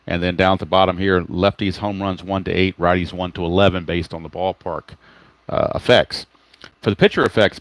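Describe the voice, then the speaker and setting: A man's voice: fairly low pitch, no echo, rough recording. A man calling a solo tabletop baseball game in a casual play-by-play style, chatty and self-correcting, muttering to himself while he hunts for cards.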